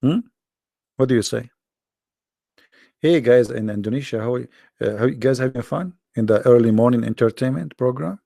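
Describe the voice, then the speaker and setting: A man's voice: medium pitch, brisk, creaky, warm tone, dry recording, clean studio sound. A man hosting a live call-in debate in a mocking, sarcastic way, his voice worn out from talking for hours. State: tired, worn-out voice.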